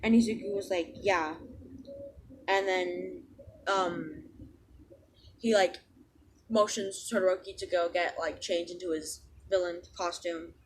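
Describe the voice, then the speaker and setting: A woman's voice: fairly low pitch, steady tone, unhurried, slight background noise. A woman casually retelling a fan story, rambling with lots of restarts.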